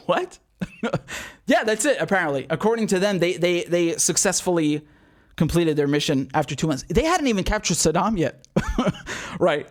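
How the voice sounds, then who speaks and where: Animated, sarcastic young male commentator. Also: on the high side. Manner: animated and sarcastic, laughs often, repeats himself. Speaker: political commentary host. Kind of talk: casual political commentary.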